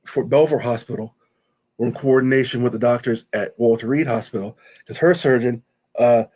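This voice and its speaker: Male interview guest, mid-pitched, emotional storyteller who retells dialogue and repeats himself. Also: darkish tone. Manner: retells conversations in quoted speech, often repeating himself. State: choked up at times.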